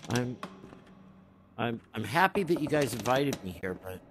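A cannabis podcast host tours a haunted old hotel indoors, joking casually and talking aloud to its empty rooms. His mid-range voice is expressive and a little slow, picked up with a bit of hiss or hum by a camera mic as he moves.

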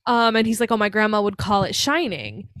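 A woman co-hosting a casual podcast, recapping a film in lively chat and acting out lines with laughs and swearing. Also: mid-range voice, fairly quick. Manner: animated, swears, acts out quotes with laughs. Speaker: podcast co-host.

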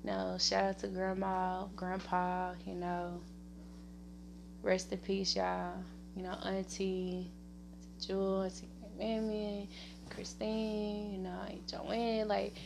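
Southern woman hosting a solo podcast, slow and gravelly, rambly and laughing, faint hiss behind. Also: medium pitch. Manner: rambling, laughs often, gives shout-outs to family and friends. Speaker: podcast host. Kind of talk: casual solo podcast chat.

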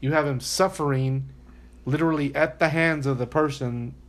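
A man's voice: on the high side, fairly even intonation, normal speed. Earnest man hosting a faith podcast. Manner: earnest, preachy, acts out quotes. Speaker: podcast host. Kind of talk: casual faith podcast chat.

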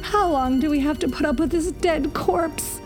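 A woman voicing an impatient widow in a spoken folk tale, calling out in a high, sharp, demanding way. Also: moderate pace, soft background music, natural voice. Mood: scornful. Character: shrill impatient widow, middle-aged woman.

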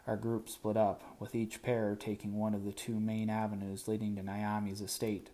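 A man narrating an audiobook in first person, wry and even. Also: lowish voice, normal speed, few pauses, slight background noise.

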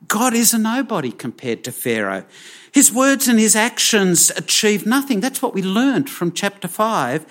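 A man preaching a sermon, slow and emphatic, with dramatic pauses. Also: sits high, fairly bright tone.

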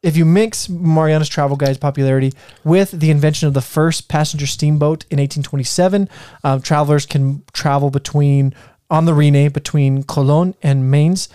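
Man, podcast co-host, slightly high mellow voice, reads notes with ums and restarts. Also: fairly even intonation, moderate pace, smooth, no room sound, studio quality. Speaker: podcast co-host presenting history. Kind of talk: casual history podcast chat.

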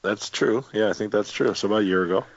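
A man's voice: fairly low pitch, fast. A man co-hosting a podcast, making dry, matter-of-fact remarks in casual chat. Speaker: podcast co-host. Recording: dry, dull lo-fi audio.

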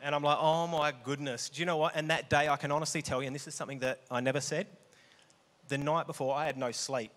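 A man's voice: on the high side, steady tone, quick pace, fairly bright tone. A man giving an earnest, upfront testimony at church about his work as a salesperson. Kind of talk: telling a testimony. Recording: echoey hall.

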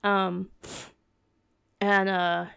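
A woman's voice: mid-range voice, little pitch movement, drawn-out words, gravelly, fairly bright tone, clear, resonant tone. A woman in her thirties chatting casually on her own podcast, rambling and restarting, with lots of filler words. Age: 30s. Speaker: podcast host. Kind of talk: casual solo podcast chat.

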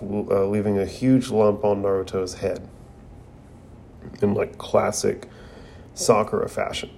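A man's voice: fairly low pitch, a little mellow, slight background noise. A young man casually recapping an anime episode, reading the characters' lines aloud in his own voice with loose fillers and slang. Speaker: anime reviewer.

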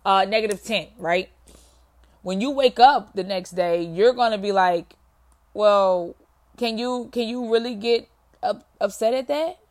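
A woman's voice: medium pitch, unhurried. A woman hosting a motivational podcast, telling a story in a conversational way, calling the listener friend and repeating phrases for emphasis.

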